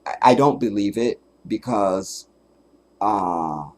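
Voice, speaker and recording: Taking his time in a voice on the low side, a man hosts a solo livestream in a casual mood. His storytelling is animated and profane, punctuated by frequent laughter and occasional emphatic pronouncements.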